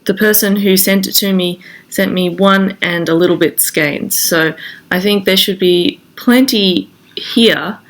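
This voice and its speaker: A woman's voice: mid-range voice, a little slow. Casual knitting podcast host, a woman with a congested cold voice. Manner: chatty, showing her knitting to camera. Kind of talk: casual chat.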